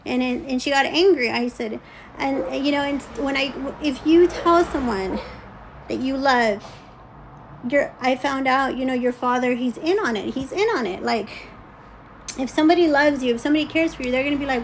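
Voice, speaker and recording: Woman, high voice, middle-aged, agitated storytelling, faint room noise behind. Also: normal speed, gravelly, low-quality recording. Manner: agitated, frequent fillers and restarts, acts out quoted speech. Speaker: vlogger. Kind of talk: personal storytelling to camera.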